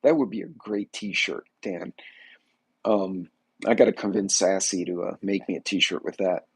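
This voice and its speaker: A man hosts a casual livestream in a folksy, rambling way. His voice sits a little low and sounds husky. The sound is dry and close, with almost no room echo. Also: steady tone, unhurried. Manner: rambling, folksy, greets chat viewers by name. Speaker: livestream host. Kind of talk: casual political livestream chat.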